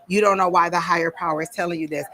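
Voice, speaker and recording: Speaking very fast, a woman teaches a psychic fair workshop in an event room, casual and blunt, doing the voices of those she quotes. Her voice is fairly low and a bit bright, with fairly even intonation.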